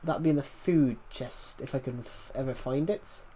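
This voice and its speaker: A man livestreams a video game, rambling casually to his chat and repeating words to himself while he plays. He speaks in a mellow, medium-pitched voice at a normal speed.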